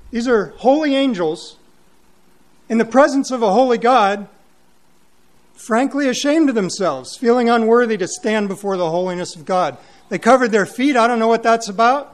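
A man preaching a sermon, emphatic and questioning, repeating words for weight. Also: high voice.

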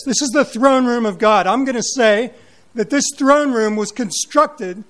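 High-voiced man preaching a sermon. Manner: emphatic, repeats words for weight, asks the listeners questions.

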